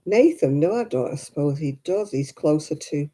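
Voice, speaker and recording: Stream host, male, slightly high and very mellow, easy chatty delivery with frequent laughs. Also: expressive, normal speed. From Manchester, England. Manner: chatty, laughs often, reads out viewer comments. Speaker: host of a crafting livestream. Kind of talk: casual chat answering viewers.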